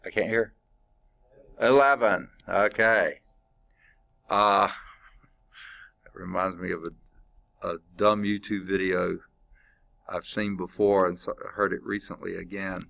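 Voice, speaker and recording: A man with a fairly low voice teaches a math class. He works through problems out loud and keeps asking the students questions. His manner is informal and chatty, and he wanders into the odd aside. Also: steady tone, slow pace, gravelly, pauses often. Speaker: math instructor. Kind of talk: classroom lecture.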